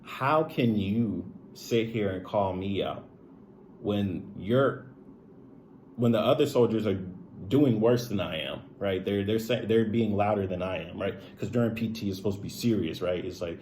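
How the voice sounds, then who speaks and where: A man's voice: lowish voice, moderate pace, darkish tone, a little hiss or hum. A young man telling a personal story to camera in a rambling, candid way, full of "like" and "right?". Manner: rambling, heavy use of "like" and "right?"; earnest, candid and confiding. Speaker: streamer and video creator.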